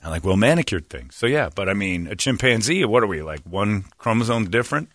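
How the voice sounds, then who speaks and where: A man co-hosting a podcast, bantering crudely, joking and mocking loudly with frequent laughter. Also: on the low side, very animated, a little fast, no echo. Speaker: podcast co-host.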